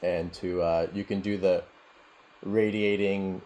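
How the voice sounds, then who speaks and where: A man teaching meditation in a casual Q&A over a video call, talking in a relaxed, rambling way and laughing often. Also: deep voice, slow.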